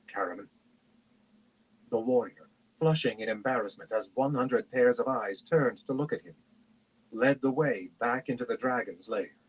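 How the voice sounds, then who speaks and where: A man reads a fantasy novel aloud for a livestream audience. His voice is husky with a mid pitch. He narrates steadily and adds light expression. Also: normal speed, highs cut off. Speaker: reader on a book stream.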